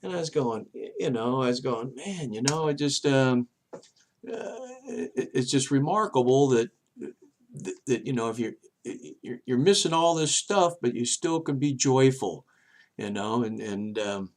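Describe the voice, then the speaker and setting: A man hosting his own show, giving a rambling, halting religious monologue, dropping soft low asides between loud emphatic bursts. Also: animated. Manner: rambling, halting, many restarts and fillers. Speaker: show host.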